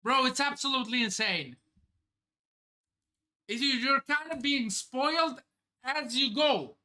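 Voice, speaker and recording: An animated man streams a live reaction to a new manga chapter, reading the panels aloud and breaking into excited, profane outbursts. His voice is bright and lively, swinging through a wide range, while his delivery stays unhurried and drawn out. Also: very high voice. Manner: excitable, swears, narrates pages aloud.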